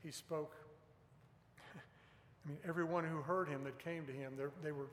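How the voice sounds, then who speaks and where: A man's voice: a little high, steady tone, measured pace, a bit bright, slight background noise. A man preaching a sermon in an earnest, emphatic way, pressing on key words. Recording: echoey hall with long reverb.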